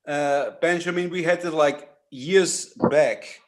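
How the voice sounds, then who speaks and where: A man's voice: fairly high pitch, takes it slowly. A man rambling through a casual chat with many hedges and fillers.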